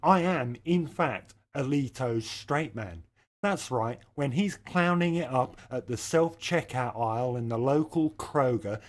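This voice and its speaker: A middle-aged man delivering a scripted satirical rant in a sardonic, profane, deadpan way. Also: mid-range voice, a little slow. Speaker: comedy ranter.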